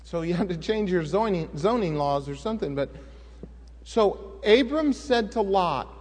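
A man's voice: high-pitched, lively intonation, normal speed, a little mellow, big-room sound. A middle-aged man, a pastor, preaching a sermon and telling a personal story in a folksy, conversational way with sudden emphatic rises.

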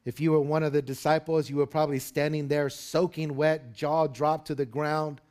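A man preaching a sermon to his congregation in an earnest, expressive way. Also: moderate pace. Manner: earnest preaching, rising loud and high when dramatizing the disciples. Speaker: pastor.

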